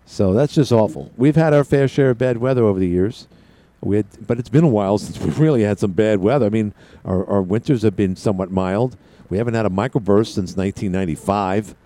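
A man's voice: lowish voice, fairly quick, dark tone. A man hosting a call-in talk radio show, rambling casually with frequent restarts. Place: radio studio.

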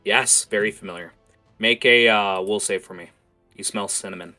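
A man's voice: fairly low pitch, moderate pace, creaky, bright, forceful tone, soft background music. A young man narrating as game master in a casual way, with lots of fillers. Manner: casual, many fillers and restarts.

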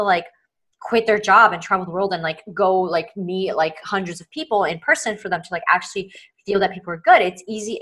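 A woman's voice: mid-range voice, a bit bright, rough recording. A woman guest on a podcast talking casually and earnestly, full of fillers and acting out inner voices, over a video call. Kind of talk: casual interview chat.

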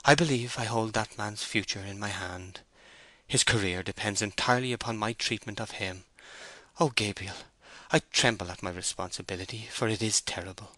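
A proud young woman farm owner, torn and anxious, her words tumbling out earnestly, as a male reader puts her on. The voice sits just above a man's own low register, bright and forceful, in a dry, close recording. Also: normal speed, dry recording. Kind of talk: audiobook character voice.

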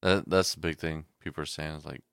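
A man co-hosting a casual podcast chat with slow, measured remarks. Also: extremely low pitch, steady tone, creaky, a bit bright, smooth, no room sound, clean studio sound.

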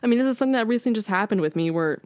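A young woman in her twenties co-hosting a podcast in casual chat, talking freely with many "like"s and jumping up in pitch when she retells a story. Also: expressive, very fast, darkish tone, no echo, studio quality. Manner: chatty, fills speech with "like", rises sharply when retelling. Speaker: podcast co-host.

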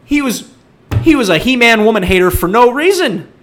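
A man ranting in exasperation during a casual movie review chat, swinging into loud outbursts. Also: very high voice, sing-song, normal speed.

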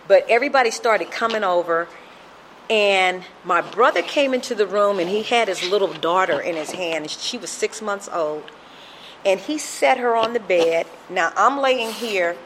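A woman's voice: medium pitch, slight background noise, poor audio. A middle-aged woman sharing a personal recovery testimony in an earnest storytelling manner, acting out the voices she quotes.

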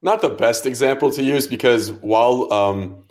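A man's voice: mid-range voice, normal speed, darkish tone. A young man co-hosting a podcast, answering in a dry, teasing, laid-back way. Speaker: podcast co-host. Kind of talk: casual chat.

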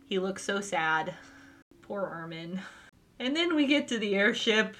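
A woman talking casually on a podcast, animated and swearing as she rants about a show. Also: medium pitch, measured pace. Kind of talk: casual chat.

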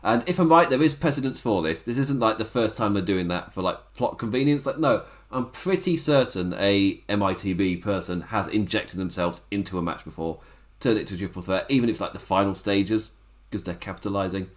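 A man's voice: fairly low pitch, a little fast. A man giving a casual solo review of a wrestling show, chatty and loose, laughing often between points.

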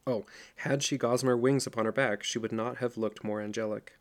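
A middle-aged man reading a novel aloud as narrator, in a steady storytelling voice. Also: mid-range voice, normal speed. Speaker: audiobook narrator. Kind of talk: scripted narration.

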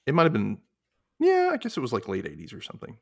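A man's voice: mid-range voice, huge pitch swings, quick pace, gravelly, husky. A man hosting a podcast, chatting casually and rambling as he searches for names. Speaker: podcast host. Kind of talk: casual chat.

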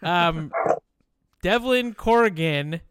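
A man's voice: high-pitched, animated, drawn-out words, very noisy. A man hosting a podcast over a video call, rambling with many fillers and frequent swearing. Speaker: podcast host.

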